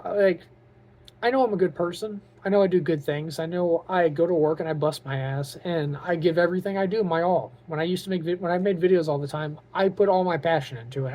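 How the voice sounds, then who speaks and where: A man's voice: fairly high pitch, darkish tone. A man talking to camera in a casual vlog, earnest and openly emotional, rambling with lots of "like" and "you know". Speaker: vlogger and aspiring author.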